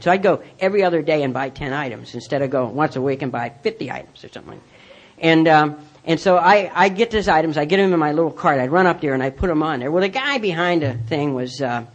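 A man's voice: on the high side, dull audio. Rambling man telling his recovery story. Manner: rambling, with many restarts and self-mocking humor. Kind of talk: personal storytelling talk.

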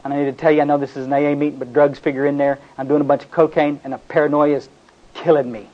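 A man's voice: a little high, flat delivery, rapid-fire. A man from North Texas, giving an earnest, confessional talk at a recovery meeting. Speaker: speaker sharing his recovery story. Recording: dull, lo-fi recording.

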